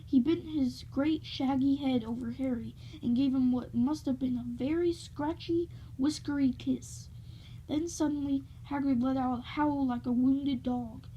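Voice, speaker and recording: A woman reading a novel aloud in a steady, gentle storytelling way. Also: high-pitched, measured pace, highs cut off, slight background noise.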